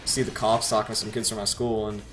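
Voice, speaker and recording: A man's voice: fairly low pitch, little pitch movement, fast talker, fairly bright tone, a little hiss or hum. A teenage boy casually telling stories over gameplay, rambling, sarcastic and swearing freely. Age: teens. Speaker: gameplay commentator.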